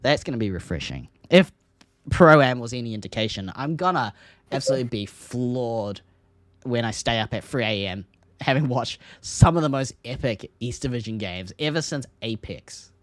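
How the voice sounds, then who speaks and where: An Australian man chats on an esports podcast, excitable and quick to laugh, his voice jumping up in pitch when a play grabs him. The sound is dry and close, with no room around it. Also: no room sound. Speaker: podcast co-host. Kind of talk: casual esports podcast chat.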